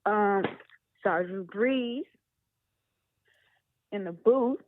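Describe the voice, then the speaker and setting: A woman calling in to a sports radio show, speaking in a relaxed, hesitant way. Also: medium pitch, extremely slow, slight background noise. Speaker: caller. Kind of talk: phone call to a radio show. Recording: tinny phone line.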